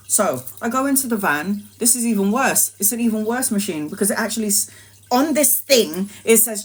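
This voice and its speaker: A woman's voice: fairly high pitch, moderate pace. A woman telling a wild personal story in casual, swear-filled streamer style. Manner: animated, swearing, laughing anecdote. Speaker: tarot reader, streamer.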